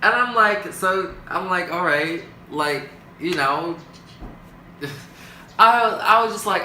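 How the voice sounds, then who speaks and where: A young man telling a storytime vlog, dramatic and animated, acting out quotes with big jumps in pitch. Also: unhurried, reverberant, noisy background. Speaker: vlogger.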